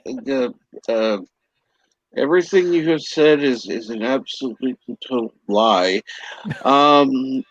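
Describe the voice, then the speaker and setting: A man's voice: medium pitch, slow pace, no echo, highs cut off. A man hosting a live online chat show, teasing his guests in a dry, joking way. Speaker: host of a live chat stream. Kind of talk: casual chat.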